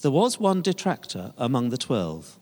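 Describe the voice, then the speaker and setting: A man's voice: mid-range voice, wildly swooping pitch, moderate pace, a little mellow. An older man, a pastor, preaching a sermon with emphatic, rising and falling delivery. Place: church sanctuary. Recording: long reverb of a large church hall.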